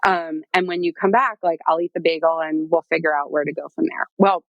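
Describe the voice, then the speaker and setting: A woman's voice: low voice, fairly quick, gravelly, no room sound, muffled recording. A woman guest telling her own story in a casual, chatty way, full of fillers and acted-out quotes. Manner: chatty, lots of "like" and "um", animated quoting.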